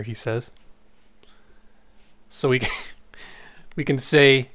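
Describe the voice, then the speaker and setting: A man with a mid-pitched voice reads game narration aloud in a close, dry recording with no room sound. He lays out each dialogue choice in turn, in a plain, easygoing manner among friends. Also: fairly even intonation, extremely slow, pauses often, a bit bright, no room sound. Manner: reads narration plainly, then lists options. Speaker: player reading the game aloud. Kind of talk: reading game text and weighing choices.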